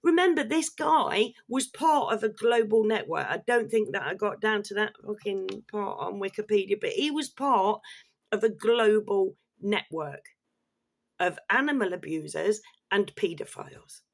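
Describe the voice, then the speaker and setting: A woman's voice: medium pitch, expressive, a little slow, vocal fry. A woman vlogger ranting on camera in an angry, blunt, sweary way, with bursts of laughter and apologies for getting worked up. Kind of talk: ranting commentary vlog.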